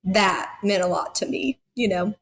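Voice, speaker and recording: A woman's voice: mid-range voice, unhurried, gravelly. A woman in her thirties talking as a foster parent guest in a heartfelt podcast conversation, earnest and emotional, with many fillers.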